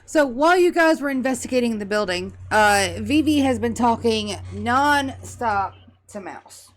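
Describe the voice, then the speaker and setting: A woman narrating a tabletop game as game master in a chatty, lively way. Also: on the high side, unhurried.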